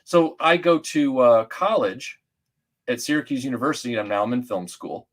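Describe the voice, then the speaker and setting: Telling stories as a guest in relaxed conversation, this middle-aged man from Atlanta rambles animatedly, restarting and using plenty of fillers. He has a medium pitch and a moderate pace.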